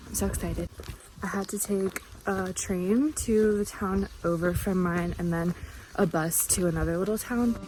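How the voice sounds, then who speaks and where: Out of breath on a mountain hike, a young woman narrates her vlog to camera as she walks, cheerful and talkative. Her voice is lowish, and there's background noise along with music beneath her speech.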